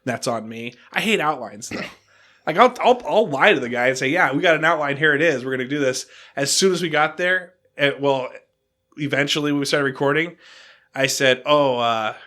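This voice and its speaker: A man hosting a podcast, telling a long story in casual chat, animated and self-deprecating, acting out what people said. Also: a little high, normal speed. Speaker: podcast host.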